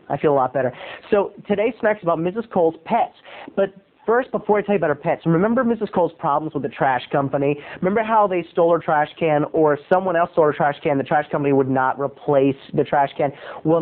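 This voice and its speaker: A man hosting a show, telling rambling comic stories in a chatty, digressive way. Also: a little high. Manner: chatty, digressive, animated storytelling. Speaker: podcast host. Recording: tinny phone-like audio.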